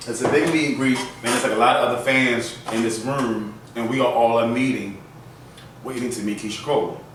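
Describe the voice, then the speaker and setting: A man hosting a casual storytelling vlog, chatting in an animated and loose way full of fillers. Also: mid-range voice, a little fast, background noise. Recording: very echoey room, mic at a distance.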